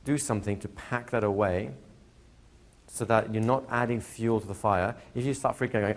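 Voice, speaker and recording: A man teaching a hypnosis class to a live audience, talking in a relaxed way and slowing into soft hypnotic suggestions. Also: fairly low pitch. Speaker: hypnosis trainer. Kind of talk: live training lecture. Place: training room with a seated audience.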